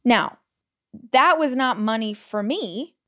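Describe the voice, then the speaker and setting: A woman hosting a solo podcast, telling personal stories in a chatty, animated way full of "like" fillers and quoted thoughts. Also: a little high, takes it slowly. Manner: retells stories with quoted inner speech. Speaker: podcast host. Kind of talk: casual solo podcast storytelling.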